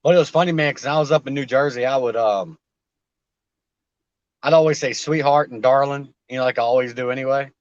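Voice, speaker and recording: A man's voice: mid-range voice, fairly quick, no echo. A man hosting a casual coin roll hunting stream, telling loose jokey stories and swearing now and then. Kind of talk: casual livestream chat. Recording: dull lo-fi stream audio.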